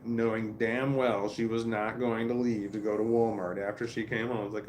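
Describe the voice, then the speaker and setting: A man's voice: lowish voice, level tone, fairly quick, hardly any pauses, darkish tone, a little hiss or hum. A man telling a rambling family story in a casual, profane monologue, restarting his sentences often.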